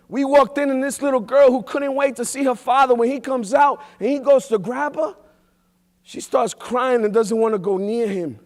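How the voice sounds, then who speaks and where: A man giving a motivational keynote speech full of stories, talking emphatically with street slang and lots of repetition. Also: very high-pitched. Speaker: keynote speaker. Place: large event hall. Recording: echoey hall reverb.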